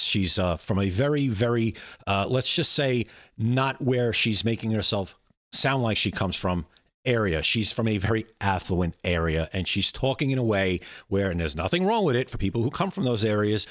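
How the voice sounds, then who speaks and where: A man's voice: fairly low pitch, a bit bright, no echo. A man giving indignant political opinion commentary, often repeating words and restarting lines.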